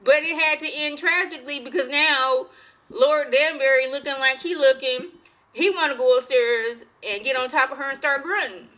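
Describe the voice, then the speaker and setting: A woman chatting through a show recap with a bright, forceful tone and a slightly high voice. She tells it loosely and animatedly, full of slang and asides, as if gossiping with a friend. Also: normal speed, low-quality recording. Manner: animated, slangy storytelling, acts out characters. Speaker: TV show reviewer. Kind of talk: casual spoken recap.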